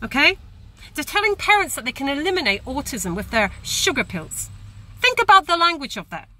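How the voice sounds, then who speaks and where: A woman's voice: sits high, very animated, brisk, sharp tone. A woman campaigner ranting to camera, indignant and emphatic, often tagging her points with "okay?". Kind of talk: angry direct-to-camera rant. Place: Ireland.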